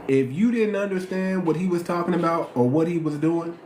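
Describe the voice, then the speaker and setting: Male live-stream host, casual and slangy, voice on the higher side, echoey room. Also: brisk, hardly any pauses. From United States. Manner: slangy, repetitive, emphatic. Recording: roomy echo, faint noise.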